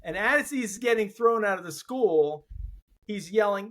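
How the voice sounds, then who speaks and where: Male guest, high pitch, methodical scene recap. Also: a little slow, a little hiss or hum. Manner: steady, explains his pick step by step. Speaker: podcast guest. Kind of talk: casual movie chat.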